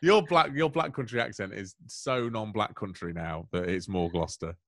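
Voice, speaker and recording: A man chatting as a guest comedian on a casual podcast, quick and chatty, often breaking into laughter. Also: fairly low pitch, no echo, studio quality. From England.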